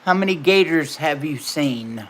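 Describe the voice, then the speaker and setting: A woman's voice: deep voice, animated, unhurried. An older woman hosting a casual livestream from home, chatting and answering her viewers' comments by name. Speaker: livestream host.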